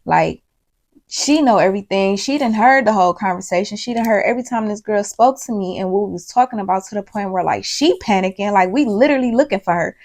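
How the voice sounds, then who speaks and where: A woman's voice: medium pitch, fast, darkish tone. Worked-up woman telling a storytime. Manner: rambling, emphatic, swears often, talks straight to viewers. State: worked up and worried. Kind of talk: casual storytime monologue.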